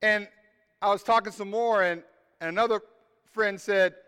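High-voiced preacher in a reverberant hall. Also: male voice, steady tone, moderate pace, clean tone. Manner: preaches with big swells, shouting scripture lines then dropping to quiet asides. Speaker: pastor. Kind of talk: sermon.

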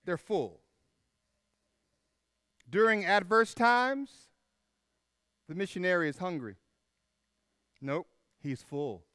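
A man with a high, ringing, clear voice delivers a sermon, hammering home his points by repeating them and letting the last words sink low and quiet. The sound is dry and close, with no room around it. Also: very animated, slow, pauses often, no room sound. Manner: emphatic, repeats key phrases, drops to a hush on final words. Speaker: preacher.

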